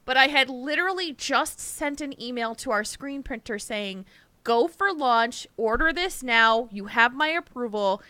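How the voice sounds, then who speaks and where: A woman's voice: sits high, expressive, a little slow, pushed and bright, dry recording. A tired woman co-hosting a podcast, chatting casually, rambling and restarting her sentences with frequent laughs. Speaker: podcast co-host. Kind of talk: casual chat.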